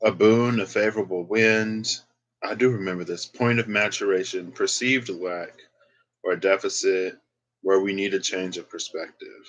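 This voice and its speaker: A man's voice: deep voice, fairly even intonation, normal speed, rough recording. A man doing a casual, rambling tarot reading vlog, chatty and unsure of himself, feeling emotional and close to tears. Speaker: tarot reader.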